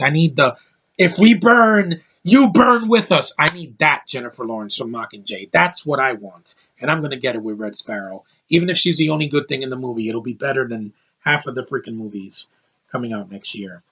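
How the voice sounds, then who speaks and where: With a medium-pitched, slightly bright voice, this man rambles bluntly about movies for his casual list video. He's worn out from lack of sleep and keeps restarting what he's saying.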